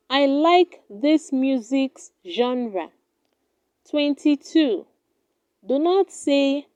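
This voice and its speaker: Slow, high-voiced woman teaching pronunciation. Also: a little mellow, no echo, lo-fi sound. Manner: deliberate, says each word twice and then in an example sentence. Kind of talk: scripted pronunciation lesson.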